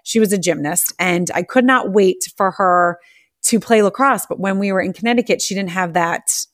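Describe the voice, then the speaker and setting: A woman's voice: medium pitch, normal speed, no echo, studio quality. A woman in her forties hosting a podcast, chatting eagerly and laughing often while she interviews a guest. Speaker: podcast host. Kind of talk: casual interview chat.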